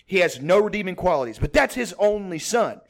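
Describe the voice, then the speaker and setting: Man from Texas, podcast host, high voice, casual storytelling, rambling, profane, laughs a lot. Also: sing-song, fairly quick, creaky. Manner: rambling, profane, laughs often, many restarts.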